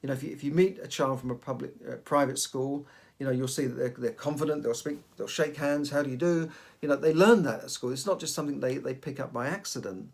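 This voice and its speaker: A middle-aged man gives advice in a casual podcast monologue. He repeats and restarts his words often as he thinks aloud. His voice sits at an ordinary middle pitch. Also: quick pace, creaky. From United Kingdom. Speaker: podcast host.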